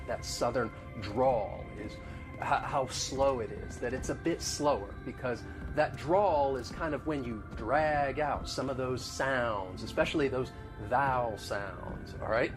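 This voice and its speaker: A man teaching an online lesson about accents, explaining step by step in a clear, friendly manner. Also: mid-range voice.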